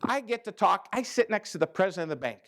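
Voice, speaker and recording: A man's voice: very animated, fast talker, fairly bright tone. A man giving a joking, folksy talk to farmers at a conference, teasing people in the audience and acting out quoted farmers. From American Midwest. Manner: folksy, teasing, acts out quoted farmers with big pitch jumps. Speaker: ag risk management advisor giving a talk. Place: conference learning center room with a live audience.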